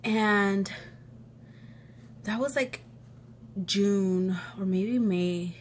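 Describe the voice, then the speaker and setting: A young woman vlogger telling a personal story in casual chat, sniffly and sneezing from allergies, animated and full of quoted back-and-forth. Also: mid-range voice, very slow, a little hiss or hum. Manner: chatty, animated retelling with quoted voices.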